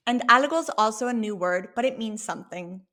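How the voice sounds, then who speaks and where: A woman teaching a Spanish lesson, explaining a sample dialogue clearly and patiently. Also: fairly high pitch, expressive, bright, forceful tone. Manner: clear, patient, slow when modeling Spanish phrases.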